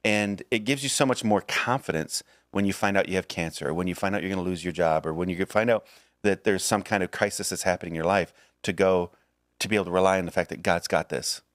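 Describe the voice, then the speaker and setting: Low-voiced man on a dry mic. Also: quick pace, no room sound. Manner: earnest, reassuring, jokey asides. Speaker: podcast co-host. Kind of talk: casual chat.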